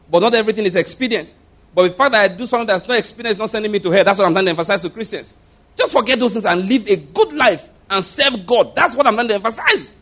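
A man's voice: sits high, a bit bright. A man preaching as a pastor in an emphatic sermon, repeating phrases and asking rhetorical questions.

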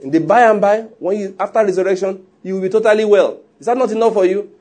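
A man's voice: sits high, quick pace, a little mellow. A man voicing a sly, persuasive male devil as part of a sermon. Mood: coaxing.

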